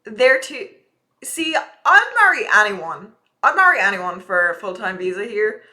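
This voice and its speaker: A woman's voice: medium pitch, big pitch swings, measured pace, pushed and bright. A young woman streaming live, chatting casually and ranting with a lot of swearing.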